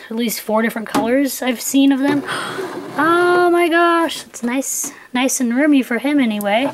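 A young woman filming an excited unboxing vlog at home, gushing with breathless exclamations. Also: on the high side, background noise. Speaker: toy collector vlogger.

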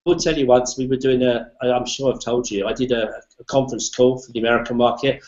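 A man's voice: mid-range voice, fairly even intonation, fast talker, a little mellow. British male presenter, blunt and salesy, dull roomy web-call sound. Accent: British English. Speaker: business presenter. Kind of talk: casual online hangout chat. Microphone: video call.

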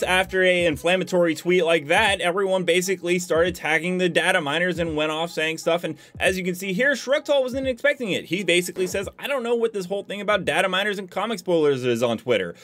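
Male YouTuber, high voice, chatty and joking, light music under the talk. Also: fairly bright tone. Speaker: gaming YouTuber. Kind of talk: casual commentary.

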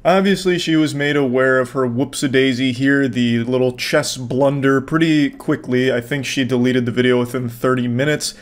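Male commentator, deadpan, sarcastic, mid-pitched, swears casually. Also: moderate pace, hardly any pauses. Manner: deadpan, mocking, swears freely. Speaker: commentary host.

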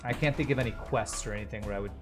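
A man's voice: fairly low pitch, racing, over music. Jokey male game streamer. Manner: jokey, reads chat aloud. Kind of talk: casual game-stream commentary.

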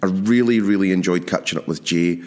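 Man, podcast host, low-pitched, chatty, enthusiastic, casual interview. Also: brisk, darkish tone. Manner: chatty, enthusiastic, lots of fillers.

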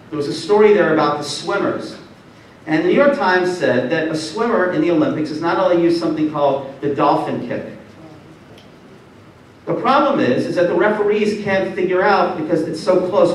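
Guy giving a motivational talk, lively storyteller who asks the crowd questions, fairly high voice, super echoey hall, mic far off. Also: slight background noise. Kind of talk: motivational lecture with stories. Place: large hall before an audience.

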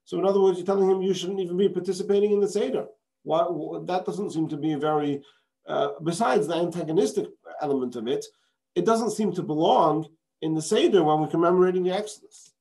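A man's voice: high voice, quick pace, vocal fry, darkish tone. A man teaching as a rabbi, reading a passage and explaining it with rhetorical questions, Hebrew terms and frequent restarts. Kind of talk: explaining a text.

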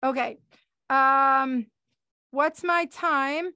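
A middle-aged woman pet trainer giving a chatty, animated webinar talk over a video call, with quick speech and plenty of fillers. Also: sits high, no echo. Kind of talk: webinar presentation.

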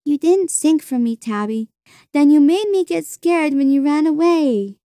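A woman's voice: high voice, lively intonation, a little slow, dark tone, no echo, studio quality, voice pushed up. A woman voicing a small, sulky little girl who gets scared easily, with a childlike, pleading way of talking.

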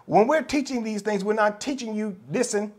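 The speaker is an American pastor with a Southern accent, his voice high-pitched and darkish at a moderate pace. In his sermon he's emphatic and passionate, repeating phrases and voicing the people he quotes.

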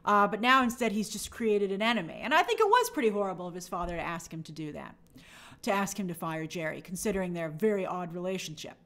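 Bright-voiced chatty woman streamer. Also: mid-range voice, fast talker. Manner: chatty and animated, reads viewer comments aloud. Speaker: host of a TV and film news show. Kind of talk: casual live-stream commentary.

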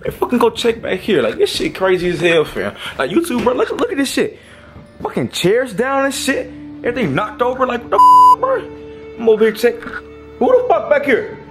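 A man's voice: extremely high pitch, wildly swooping pitch, normal speed, fairly bright tone, soft background music. A young man in a comedy skit, telling a story and then bursting into profane, panicky outbursts. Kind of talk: acted horror comedy skit.

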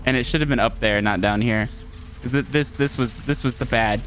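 A streamer giving live gameplay commentary, excitable, laughing often, swearing and talking to chat. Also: medium pitch, normal speed, soft background music.

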